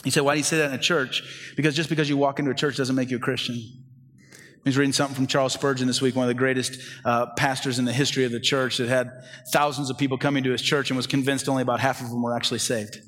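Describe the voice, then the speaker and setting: A man's voice: mid-range voice, flat delivery, racing. Earnest preaching pastor, man. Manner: earnest preaching that swings from urgent to hushed. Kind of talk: sermon.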